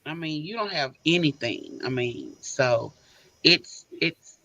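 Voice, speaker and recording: A woman guest on a podcast, giving emphatic, animated advice in casual chat. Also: sits low, slow, low-quality recording.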